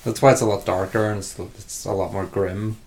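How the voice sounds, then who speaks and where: Gravelly man musing on a podcast. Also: on the low side, level tone, a little mellow. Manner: halting, reflective, restarts mid-thought. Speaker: podcast co-host. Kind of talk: casual chat.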